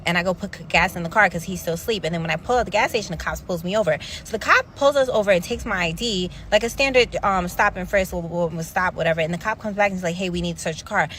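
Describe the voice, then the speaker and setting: A woman telling a wild personal story in rapid, animated, repetitive casual narration. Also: fairly low pitch, a little hiss or hum.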